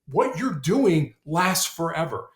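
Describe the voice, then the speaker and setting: A man's voice: fairly high pitch, sing-song, slow pace. A middle-aged man, a motivational speaker and guest on a podcast, telling stories in an earnest way and often repeating words as he starts a sentence. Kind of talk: conversational storytelling interview. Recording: roomy echo.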